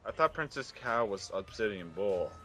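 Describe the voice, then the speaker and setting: A man's voice: fairly low pitch, animated, normal speed, fairly bright tone, a little hiss or hum. A young man co-hosting a casual gaming podcast, teasing and joking. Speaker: podcast co-host.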